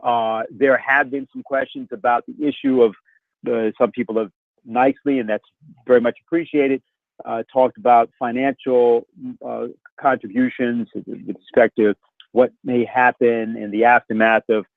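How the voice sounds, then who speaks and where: A man moderating a conference call, making casual announcements in a halting way with many fillers. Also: medium pitch, level tone, gravelly, dry recording. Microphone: telephone. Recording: narrow phone line.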